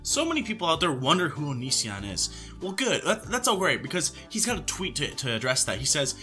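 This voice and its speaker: A man's voice: medium pitch, very animated, fast, few pauses, sharp tone, faint music behind. A man giving mocking, sarcastic commentary as he reacts to posts. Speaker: YouTube commentator.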